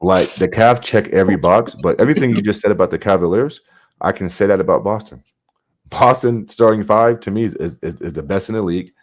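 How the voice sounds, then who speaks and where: A man's voice: on the low side, brisk. A man co-hosting a basketball podcast, easygoing and calling the others bro as he makes his case. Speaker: podcast co-host. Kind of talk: casual sports chat.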